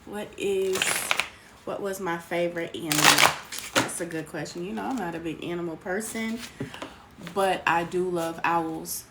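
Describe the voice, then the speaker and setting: A woman's voice: on the low side, unhurried. A woman hosting a casual live tarot stream, greeting viewers by name and calling them sweetheart. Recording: noisy home recording.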